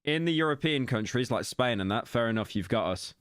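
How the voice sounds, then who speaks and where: A man's voice: medium pitch, lively intonation, a little fast, a bit bright, clear, resonant tone, no echo, clean studio sound. A young British man rambling casually while reacting to a video on a live stream. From Britain. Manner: rambling, self-interrupting banter.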